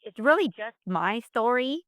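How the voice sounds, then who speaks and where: Smooth-voiced mother telling her story. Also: fairly high pitch, lively intonation, unhurried, fairly bright tone, no room sound, clean studio sound. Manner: earnest, faith-filled storytelling. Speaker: guest, mother of an autistic son. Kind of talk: heartfelt podcast interview.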